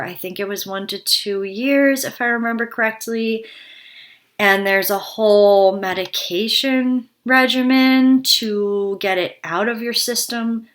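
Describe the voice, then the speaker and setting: A woman's voice: medium pitch, a bit bright. A woman giving a casual personal health update to her viewers, candid and worried, a little out of breath and often restarting her sentences. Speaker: health vlogger.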